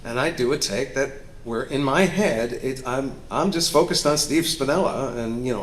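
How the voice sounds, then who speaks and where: A man speaking as a panel guest, spinning a candid, self-mocking anecdote in an animated way. His pitch sits in a middle range, with a faint hum behind him. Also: moderate pace. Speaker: guest actor and director. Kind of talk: storytelling interview on stage. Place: festival panel stage before an audience.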